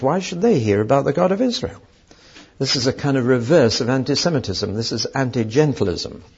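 A male preacher delivering a sermon in a raspy voice, asking rhetorical questions as he explains. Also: mid-range voice, a little mellow. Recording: dull lo-fi recording.

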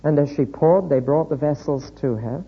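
A man preaching a sermon, reading scripture aloud in a measured, deliberate way. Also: on the high side, breathy edge. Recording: echoey hall, dull lo-fi sound.

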